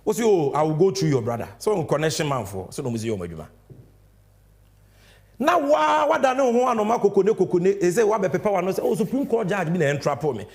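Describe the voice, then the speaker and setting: A Ghanaian man with a high voice, talking in emphatic political commentary. His pitch swings widely, rising into sing-song stresses as he slips between English and Twi. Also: sing-song, quick pace, a little mellow. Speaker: political show host. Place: studio.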